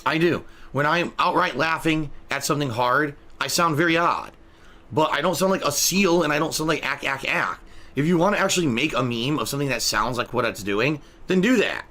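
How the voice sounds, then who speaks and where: A man's voice: a little high, animated, fairly quick, sharp tone. A male streamer ranting in indignant, profane commentary to his chat.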